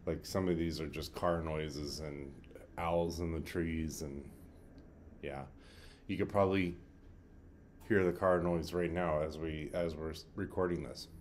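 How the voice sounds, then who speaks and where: A man's voice: a bass voice, fairly even intonation, measured pace, darkish tone. A man recording his own daily vlog, talking casually in a rambling, upbeat way and often correcting himself. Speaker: daily vlogger. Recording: faint outdoor traffic hum.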